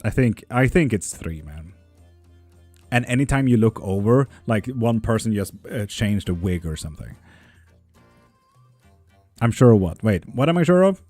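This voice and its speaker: A man's voice: fairly low pitch, lively intonation, unhurried, long pauses, dark tone, dry recording, soft background music. A man hosting a live tarot stream, chatting casually with viewers and reading their comments. He talks in a joking, rambling way and swears freely.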